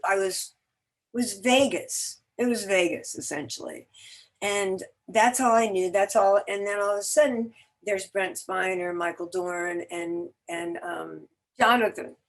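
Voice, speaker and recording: Chatty woman telling stories. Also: lowish voice. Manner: chatty, animated storyteller. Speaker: guest actor. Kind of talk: casual interview chat.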